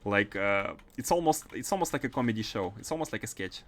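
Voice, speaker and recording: A man's voice: fairly low pitch, animated, fast, a bit bright. Hesitant man streaming a game. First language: French. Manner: hesitant, many fillers and restarts. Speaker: gaming streamer. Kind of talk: casual livestream chat while playing.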